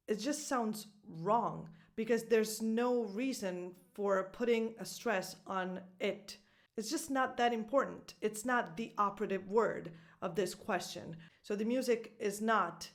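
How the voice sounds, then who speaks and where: A woman's voice: medium pitch, a little slow. A woman in her thirties, a native Italian speaker, teaching English pronunciation and stressing example phrases with an exaggerated sing-song. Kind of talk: pronunciation lesson to camera.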